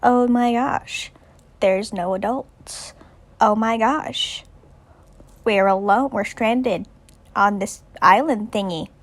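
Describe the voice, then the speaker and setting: A teenage girl voicing crude, excitable young schoolboys in a book recap, with exaggerated, mocking delivery. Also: medium pitch, slow. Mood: excited, mocking.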